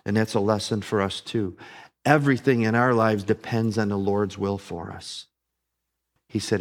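A man preaching a sermon, earnest, rising on emphasis and dropping soft and low on solemn lines. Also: fairly even intonation, moderate pace.

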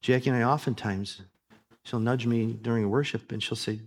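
A man in his fifties preaching a sermon as pastor, swinging between loud, emphatic declarations and quiet, low asides. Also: fairly even intonation, moderate pace.

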